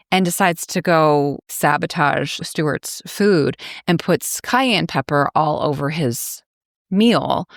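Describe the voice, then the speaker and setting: A woman with a notably low voice hosts a podcast, retelling a story in a loose, chatty way full of fillers and wry asides. Her sound is close and dry, with no room echo. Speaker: podcast host. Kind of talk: casual plot recap.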